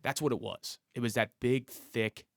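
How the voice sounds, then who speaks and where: Gravelly-voiced man telling a police story. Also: medium pitch, steady tone, normal speed, no room sound, studio quality. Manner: detailed, matter-of-fact retelling. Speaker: podcast guest, former police officer. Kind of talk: casual storytelling.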